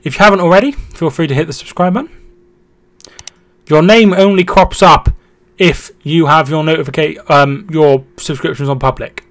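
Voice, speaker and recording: With a fairly high voice at normal speed and a dry recording, a young man hosts a laid-back football stream. Chat messages get read out, viewers get thanked, and match updates come between trailing-off restarts and excited yells at goals.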